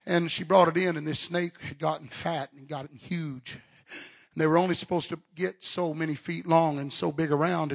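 A man preaching an impassioned revival sermon at a live church service. He builds to shouting and often stammers and repeats words. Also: on the high side, creaky.

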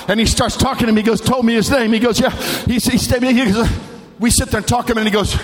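High-voiced guy preaching, tells a story then gets loud and shouty, big echoey church hall. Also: steady tone, fast, few pauses. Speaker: pastor. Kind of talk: sermon. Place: large church hall at a camp meeting.

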